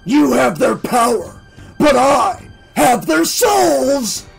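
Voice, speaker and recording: A man voicing a cruel male dream-killer who growls, mocks and shouts his threats. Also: extremely high pitch, expressive, slow pace, creaky, husky, faint music behind, pitched above the performer's own voice, full character voice. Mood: taunting.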